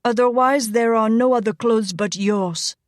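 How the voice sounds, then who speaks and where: A woman's voice: fairly high pitch, unhurried, dry recording, studio quality, natural voice. A woman voicing a flustered middle-aged mother who soothes and pleads with her husband. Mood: coaxing.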